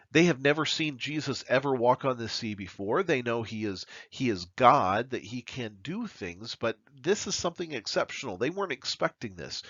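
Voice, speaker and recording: A man's voice: mid-range voice, a bit bright, no room sound. Male pastor, emphatic sermon voice, dry close recording, slightly muffled. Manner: earnest, emphatic preaching with dramatic pauses.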